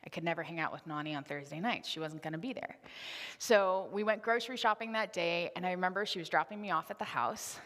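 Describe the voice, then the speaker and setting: Fast-talking, with a fairly low and slightly bright voice, a twenty-something woman preaches in a church sanctuary. Her sermon is candid and chatty, built around a personal story, and the recording reverberates through the hall.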